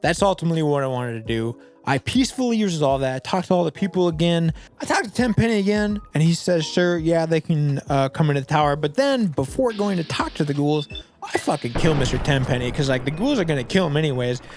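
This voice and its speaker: A young man rambles through casual game commentary and fills his speech with "like." His voice sits a little high. Faint music plays softly underneath. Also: animated, fast. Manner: rambling, heavy use of "like". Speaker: gaming video creator.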